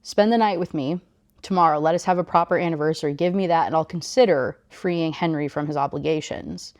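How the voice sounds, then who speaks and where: A woman reading as a smooth, scheming immortal suitor. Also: low-pitched, fairly quick, darkish tone. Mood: coaxing.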